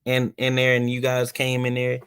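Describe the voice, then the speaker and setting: Smooth and medium-pitched at a normal pace, this podcast host from Philadelphia, his Philly accent touched with Southern, swears freely through lively stories in casual chat. The recording is dry.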